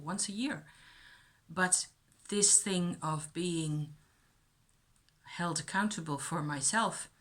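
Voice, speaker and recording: A middle-aged woman thinking aloud about her childhood in a reflective personal monologue, with many pauses and restarts. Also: low voice, a bit bright. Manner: thoughtful, musing, with many fillers and restarts.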